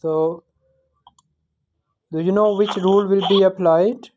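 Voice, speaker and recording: A woman's voice: mid-range voice, fairly even intonation, slow pace, warm tone, highs cut off. A woman teaching Quran recitation, patiently correcting and explaining pronunciation rules. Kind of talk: online tajweed lesson.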